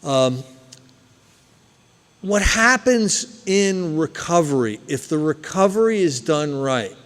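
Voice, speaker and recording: A man from New Jersey speaks at a recovery meeting, telling a personal story and acting out the scenes with loud bursts. His voice sits high. The sound carries a long reverb from the hall. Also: slow pace. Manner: animated storyteller, acts out scenes loudly.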